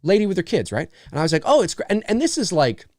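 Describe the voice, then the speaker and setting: A Canadian man hosting a live Q&A, talking in an animated, rambling way with casual swearing. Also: high-pitched, fast talker, no echo, studio quality. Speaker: host. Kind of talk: live Q&A chat.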